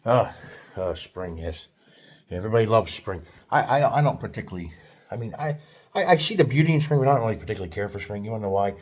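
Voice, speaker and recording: Chatty South Jersey man, lowish voice. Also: lively intonation, very fast, a little mellow. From South Jersey, United States. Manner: chatty, chuckles often, many restarts. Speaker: vlogger. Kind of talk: rambling casual monologue.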